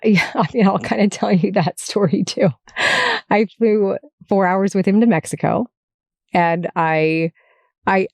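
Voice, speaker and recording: A middle-aged woman speaks in a candid, chatty monologue, laughing lightly and correcting herself as she goes. Her voice sits a little low. The sound is dry and close, recorded in a parked car. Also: gravelly, darkish tone, no echo. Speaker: podcast host. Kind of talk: emotional personal monologue.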